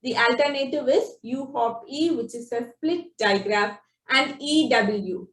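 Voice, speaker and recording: A woman teaching phonics, explaining spelling rules slowly and sounding out example words one by one. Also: high-pitched, a bit bright. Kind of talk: slow instructional explanation. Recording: echoey room, distant from the mic.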